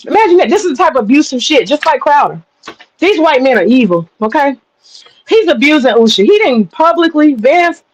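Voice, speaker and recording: A woman hosting a livestream, telling stories in an animated, profane way and chatting with her viewers. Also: high voice, low-quality recording. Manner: animated, profane storytelling with laughter. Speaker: livestream host. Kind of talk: casual livestream commentary.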